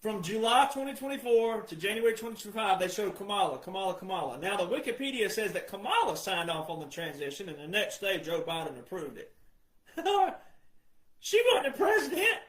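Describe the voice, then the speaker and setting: Male commentator, insistent and repetitive delivery, higher pitch, echoey room sound. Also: fast talker, hardly any pauses. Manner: insistent, repetitive, addresses "ladies and gentlemen". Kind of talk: emphatic monologue.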